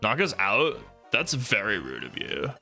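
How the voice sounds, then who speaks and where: A man's voice: fairly low pitch, huge pitch swings, measured pace, gravelly, pushed and bright, soft background music, pitched below the performer's own voice, heavily acted. A man voicing a smug, bullying male skunk gang boss in a dude bro voice, reading game dialogue aloud.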